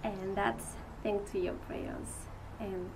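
A young woman from France speaks English with a French accent, sharing an earnest report as a mission team leader. She talks slowly and stumbles through fillers. The mic sits some way off, with faint noise behind her. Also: mid-range voice, little pitch movement, recorded from a distance. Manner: hesitant, many fillers, earnest. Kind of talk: testimony to supporters.

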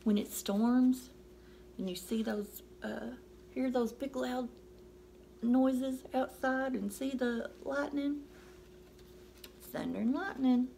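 A woman's voice: high voice, takes it slowly, creaky, pauses often, dark tone, slight background noise. A woman reading a picture book aloud to children, playfully acting out animal sounds and coaxing her young listeners to join in. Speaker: storytime reader.

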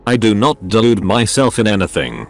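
Brief: a synthetic man reads a formal, menacing machine sorcerer in a storybook tale, low and lively in pitch. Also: normal speed, faint music behind. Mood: cold. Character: cold ancient male robot sorcerer, scheming.

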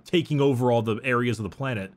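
A man's voice: medium pitch, fast. A man in casual chat, retelling a story in a rambling way and acting out the quotes. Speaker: podcast co-host retelling lore.

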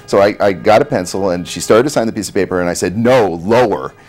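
Over soft background music, a middle-aged man talks fast in a low, darkish voice. Interviewed casually about his actress mother, he rambles, hesitates and says um a lot.

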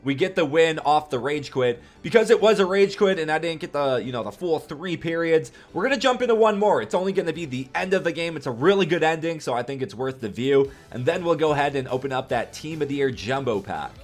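Hyped young man yelling over gameplay. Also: fairly high pitch, animated, fairly quick, few pauses. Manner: hyped, yelling at big plays, swearing jokingly. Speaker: gaming YouTuber. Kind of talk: excited gameplay commentary. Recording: faint music behind.

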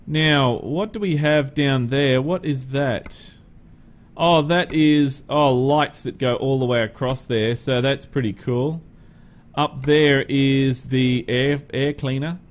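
Easygoing Australian man, slightly high voice. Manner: chatty, easygoing, many filler pauses. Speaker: game mod reviewer. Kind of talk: casual gameplay commentary.

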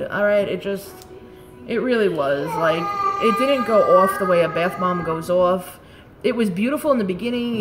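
New lady late 30s, rambly and swears a lot, just chatting live, mid pitch. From Staten Island, New York. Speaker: beauty product reviewer. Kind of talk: casual live-stream chat.

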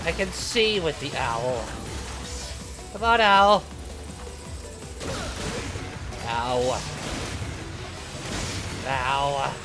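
A man's voice: medium pitch, big pitch swings, very slow. A man doing Death the Kid, hot-tempered young reaper. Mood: annoyed, playful. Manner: easily agitated, swears and yells at the game. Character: symmetry-obsessed young male reaper, short-tempered. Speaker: gamer playing in character. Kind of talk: in-character gameplay commentary. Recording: game music playing behind the voice.

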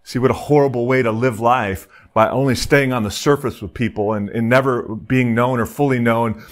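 A man's voice: mid-range voice, steady tone, normal speed. Joking, chatty male pastor. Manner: joking, conversational, many filler words. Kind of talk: casual sermon. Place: church service broadcast.

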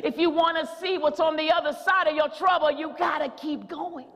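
A woman preacher delivering a rousing sermon in a church, repeating phrases and rising to shouts. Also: high voice, steady tone, moderate pace, big-room sound. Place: church sanctuary.

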